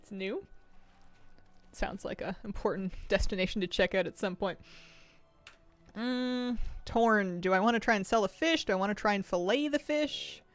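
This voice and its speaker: A woman's voice: mid-range voice, normal speed, dry recording, soft background music. Chatty woman streamer, dry close sound. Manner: chatty, thinks aloud while eating and playing. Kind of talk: casual live-stream gaming chat.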